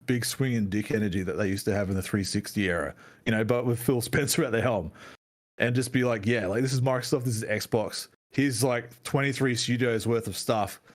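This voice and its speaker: A man co-hosting a casual gaming podcast, chatty and excitable, swearing freely as he talks. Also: fairly low pitch, fairly quick. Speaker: podcast co-host.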